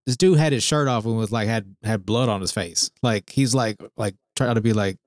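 A man's voice: lowish voice, normal speed, no echo, studio quality. A man co-hosting a podcast, telling stories casually and leaning on "like" as filler. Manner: animated storytelling full of "like" fillers. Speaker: podcast co-host. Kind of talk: casual chat.

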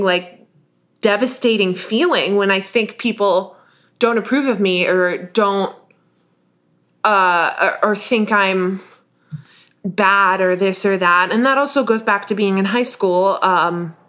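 A woman from the northern United States co-hosting a podcast, talking candidly in a confessional, halting way with frequent restarts. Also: medium pitch, a bit bright. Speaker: podcast co-host. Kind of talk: candid casual chat.

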